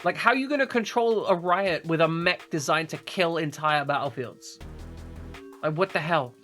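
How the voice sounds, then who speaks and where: Bright-voiced joking male streamer. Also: on the high side, moderate pace, soft background music. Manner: joking, swearing, repeats words. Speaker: game streamer. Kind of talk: casual chat.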